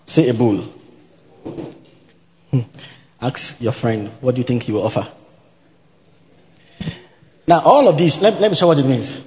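This sermon comes from a man with a mid-range, darkish voice who is very animated yet unhurried, pausing often. He repeats each point to teach it, checks that the congregation is following, and throws in the odd "hallelujah". The reverberant hall recording is dull.

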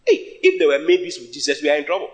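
A man preaching a sermon in English, which is not his first language; he is emphatic and his voice jumps up in sudden high bursts. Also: steady tone, rapid-fire. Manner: sings a hymn line at the start.

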